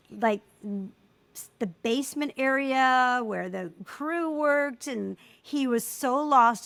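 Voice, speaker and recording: A middle-aged woman speaking as an interview guest, telling personal stories in an animated way and acting out the voices of people she quotes. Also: a little high, no echo. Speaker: guest, filmmaker. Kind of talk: casual interview conversation.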